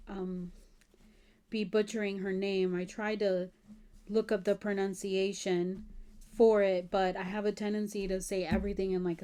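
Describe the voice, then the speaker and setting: A woman vlogging about a textile haul, gushing and admiring as she shows each piece in a relaxed, drawn-out way. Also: medium pitch. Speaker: crafting vlogger. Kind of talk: casual show-and-tell haul.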